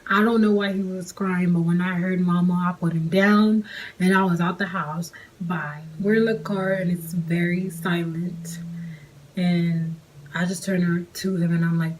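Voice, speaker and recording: A woman telling a personal story casually for a vlog, in an animated, slangy way, her pitch jumping up on quoted lines. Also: moderate pace, slight background noise, rough recording.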